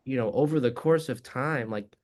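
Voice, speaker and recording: A man being interviewed in a reflective conversation, earnest and explanatory, sometimes animated as he tells stories. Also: mid-range voice, moderate pace. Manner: animated storytelling, acts out voices in anecdotes. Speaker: guest, addiction treatment director.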